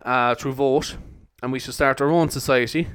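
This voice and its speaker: A man's voice: mid-range voice, steady tone, moderate pace, fairly bright tone, clear, resonant tone, no room sound, studio quality. Rambling young man with a Cork accent. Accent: Cork Irish. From Cork, Ireland. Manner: jokey, rambling, swears casually. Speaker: podcast host. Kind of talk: rambling solo podcast chat.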